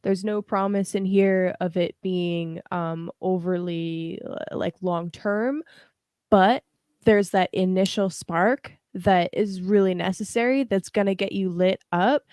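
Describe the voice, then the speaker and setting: A young woman hosts a casual tarot livestream, talking straight to her viewers in a chatty, encouraging way. Her voice sits at an everyday middle pitch. The sound is dry and close, with no room around it. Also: steady tone, slow pace, a little mellow, clear, resonant tone, dry recording. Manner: chatty and encouraging, with frequent fillers and casual swearing. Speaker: tarot reader and livestream host. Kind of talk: casual livestream card reading.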